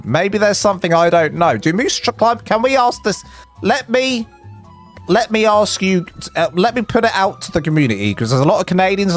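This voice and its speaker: Chatty English man streaming a game. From England. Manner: chatty, rambling, jumps pitch when excited. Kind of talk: live-stream building commentary and chat.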